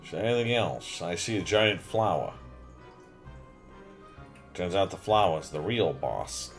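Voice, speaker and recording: A man's voice: deep voice, expressive, unhurried, soft background music. A man streaming a video game live, commenting casually and cracking dad jokes. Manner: joking, makes dad jokes.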